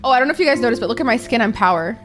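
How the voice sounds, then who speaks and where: Woman streamer rambling to chat, swears a lot, kinda high voice, little game music behind. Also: lively intonation, racing. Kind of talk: casual live-stream chat while gaming.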